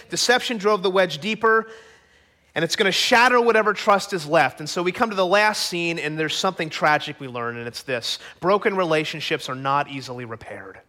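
A male pastor giving a sermon in a high-pitched, bright voice. He tells the story dramatically and keeps checking in with the listeners through rhetorical questions. His delivery slows down and speeds up with the drama.

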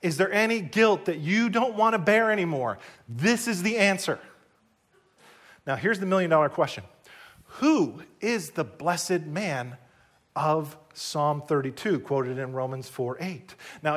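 High-voiced emphatic male preacher. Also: a bit bright. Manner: emphatic, rising to high bursts on key points. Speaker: pastor. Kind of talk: sermon. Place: church service.

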